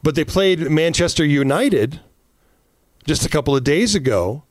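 A man co-hosting a political podcast, telling stories in a casual, animated way, swearing freely and acting out quotes. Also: on the high side, normal speed, no echo, clean studio sound. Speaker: podcast co-host.

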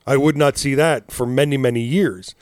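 A man's voice: medium pitch, fairly even intonation, moderate pace, dry recording, clean studio sound. A man in his forties, co-hosting a podcast in casual chat, rambling and cursing as he tells stories with laughs. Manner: rambling, profane, laughing storyteller. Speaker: podcast co-host.

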